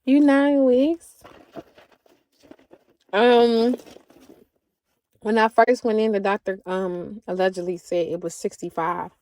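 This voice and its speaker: A woman's voice: mid-range voice, little pitch movement, unhurried, a little mellow. A woman livestreaming in a casual chat, drawling and talking back to her viewers.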